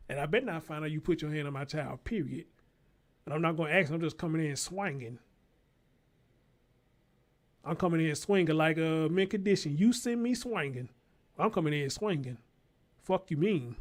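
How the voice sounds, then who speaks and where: A man hosts his own show in a high voice at a moderate pace, pausing often. He delivers heated, profane takes on news clips and calls out to his audience with preacher-like fervor.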